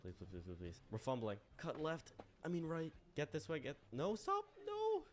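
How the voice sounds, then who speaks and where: A man's voice: on the high side, big pitch swings, normal speed, slight background noise. A young man streaming a game, commenting in a playful, teasing, mischievous way as he plays. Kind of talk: casual gameplay commentary.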